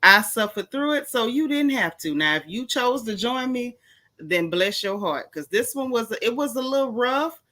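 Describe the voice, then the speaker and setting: Bright-voiced chatty woman. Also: on the high side, expressive, normal speed. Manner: chatty, folksy, greets viewers by name. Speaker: livestream host. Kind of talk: casual livestream chat.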